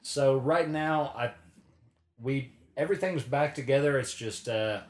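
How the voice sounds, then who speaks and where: A man's voice: mid-range voice, unhurried. A man co-hosting a casual chat with an ordinary mid-range voice. He tells stories in an easygoing, self-mocking way. The room gives his voice an echo. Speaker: podcast co-host. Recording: echoey room.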